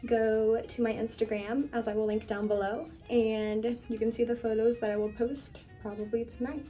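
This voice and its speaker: A woman's voice: fairly high pitch, normal speed, distant mic, faint music behind. A young woman vlogger chatting casually while curling her hair, answering viewer questions with plenty of ums. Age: young adult. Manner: relaxed and chatty, frequent ums.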